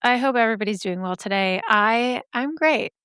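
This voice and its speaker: A woman's voice: fairly high pitch, normal speed, fairly bright tone, clear, resonant tone, no room sound, clean studio sound. A young woman hosting a podcast, chatting casually in a gushing way that swears freely, her voice a little scratchy today. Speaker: podcast host. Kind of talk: casual chat.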